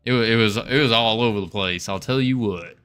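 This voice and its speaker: A man's voice: lowish voice, a little fast, fairly bright tone, clean tone, soft background music. A man streaming his game development, chatting casually and reading chat aloud, chuckling often as he rambles. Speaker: game dev livestreamer.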